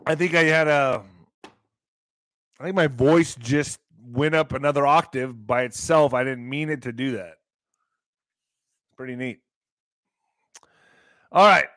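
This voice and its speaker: A male host of a live online commentary show, talking in a rambling, excitable way that sometimes bursts into shouting. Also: medium pitch, measured pace, long pauses, no room sound.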